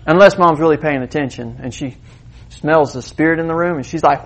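Animated preacher with a lilt. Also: male voice, fairly high pitch, a little fast. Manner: conversational, animated preaching with direct questions to the congregation. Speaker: pastor. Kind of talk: sermon.

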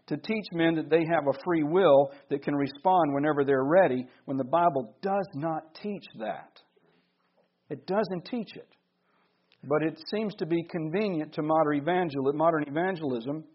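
A man preaching a sermon to a congregation, slowing down to stress key words. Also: on the high side, breathy edge, lo-fi sound. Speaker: pastor.

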